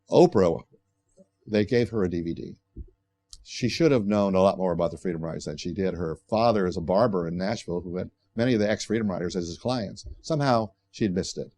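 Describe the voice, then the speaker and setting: A man's voice: low voice, darkish tone, no echo. An older man giving a bookstore book talk, telling a story in a conversational, digressive way with frequent restarts. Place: bookstore event space.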